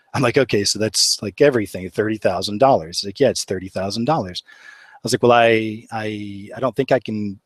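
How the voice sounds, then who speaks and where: A man's voice: lowish voice, no echo. A man telling a long personal story in a rambling, casual way, with many fillers, acting out the voices of the people in it. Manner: rambling, many fillers, acts out quoted dialogue. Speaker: channel host.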